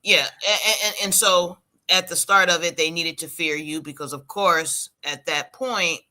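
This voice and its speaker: A woman co-hosting a podcast, talking in a measured, lecturing way with frequent restarts. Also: lowish voice, bright, forceful tone. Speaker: podcast co-host. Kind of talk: casual chat.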